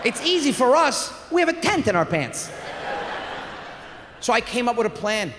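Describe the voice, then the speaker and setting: A man in his forties doing a crude, animated stand-up comedy set on a theater stage, with shouted punchlines. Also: extremely high pitch, normal speed, background noise. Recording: live theater recording with long reverb.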